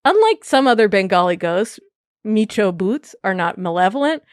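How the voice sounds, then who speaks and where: A woman's voice: mid-range voice, lively intonation, normal speed, no room sound. A woman hosting a podcast, casually telling spooky folk tales with a playful, laughing manner. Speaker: podcast host. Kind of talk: casual storytelling chat.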